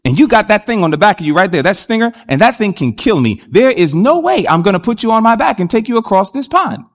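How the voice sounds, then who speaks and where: A man's voice: sits high, very animated, fast. Wary fable frog, put on by a male preacher, plain-spoken and incredulous. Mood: suspicious. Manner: blunt and incredulous.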